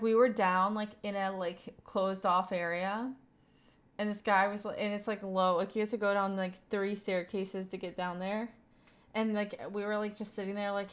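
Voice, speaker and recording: A young woman from Kentucky with a light Southern accent, chatting casually with her stream viewers and rambling with lots of fillers and laughs. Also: medium pitch. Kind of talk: casual live-stream chat reading viewer messages.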